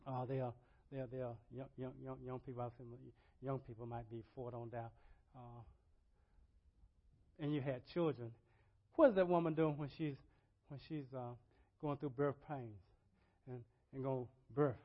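An older man preaching a sermon as pastor, shifting from quiet asides to loud impassioned pleas and repeating his words with a preacher's cadence. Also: steady tone, normal speed, long pauses. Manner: swings from low asides to loud impassioned crying out. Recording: dull lo-fi sermon recording.

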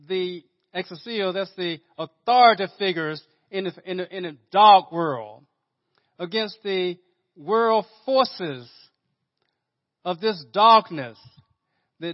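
A male pastor preaching a sermon in a conversational way, often repeating words and restarting sentences. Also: high-pitched. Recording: dull lo-fi sermon audio.

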